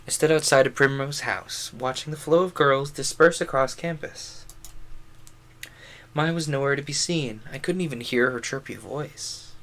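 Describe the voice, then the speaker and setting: A man's voice: medium pitch, normal speed, fairly bright tone. A man streaming a visual novel, reading the story aloud and adding chatty, amused commentary. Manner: chatty, amused asides between read lines.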